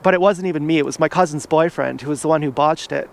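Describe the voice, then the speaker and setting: A man's voice: fairly high pitch, fast, vocal fry. A man vlogging outdoors from an e-bike, rambling in a casual monologue full of "like" and restarts.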